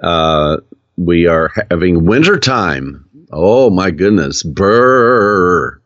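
A man's voice: deep voice, expressive, drawn-out words, a bit bright, dull audio. A man with a Southern US accent in casual chat as co-host, easygoing and laughing often.

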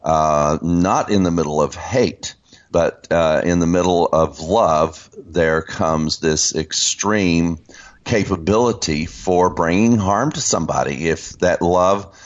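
A man teaching about scripture in an unscripted discussion, speaking haltingly with many fillers and restarts. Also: low-pitched. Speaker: Christian teacher. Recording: dull lo-fi sound.

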